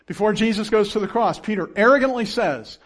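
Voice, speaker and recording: A man preaching from the pulpit with a lively, swooping delivery. His voice sits high for a man. He acts out the people in his stories and breaks into a chuckle now and then, then drops low and quiet to press a point home. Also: a little fast. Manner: animated preaching with acted-out quotes and chuckles. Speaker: pastor. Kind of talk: sermon.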